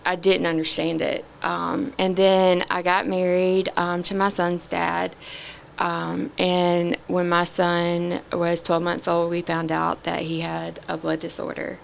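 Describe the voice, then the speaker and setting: A middle-aged woman, a podcast guest, sharing a candid personal testimony in an earnest, halting way with many pauses. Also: on the low side, gravelly, slight background noise.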